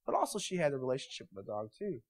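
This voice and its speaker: A male pastor delivering a sermon in a church, moving from quiet storytelling to loud, emphatic preaching. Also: mid-range voice, huge pitch swings, very fast, breathy edge.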